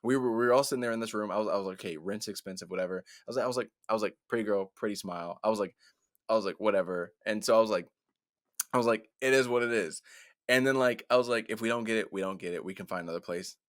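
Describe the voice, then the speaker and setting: A young man in his twenties, co-hosting a podcast and telling a story in casual chat, animated, laughing and repeating "I was like". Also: on the low side, very fast, dry recording, clean studio sound. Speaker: podcast co-host.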